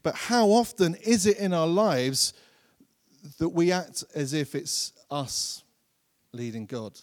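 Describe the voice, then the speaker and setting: A man preaching a sermon in an earnest way, repeating phrases for emphasis and slowing down to stress key lines. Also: fairly high pitch. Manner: slows and drops his voice to stress key lines. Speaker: pastor.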